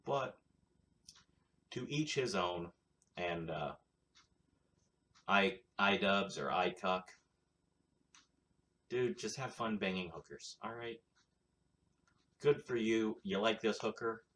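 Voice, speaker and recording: A man's voice: on the low side, slow pace, long pauses, a bit bright. A man hosting his own show, rambling through casual solo commentary in a blunt, crude, sarcastic way. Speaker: show host.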